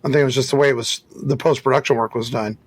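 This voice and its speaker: A man's voice: mid-range voice, steady tone, racing. A man co-hosting a podcast, talking loosely and conversationally about a film. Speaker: podcast co-host. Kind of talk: casual movie discussion.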